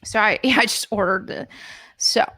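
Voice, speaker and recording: An American woman streaming live from home, chatting excitedly as she unboxes collectible figures at her desk mic. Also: mid-range voice, moderate pace. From United States. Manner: excitable and gushing, with gasps and laughs.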